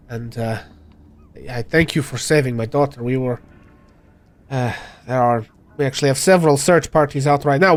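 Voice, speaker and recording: A man's voice: mid-range voice, close to an everyday voice. A man voicing a wary village father who speaks in broken, clipped English and bluntly drops small words. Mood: subdued.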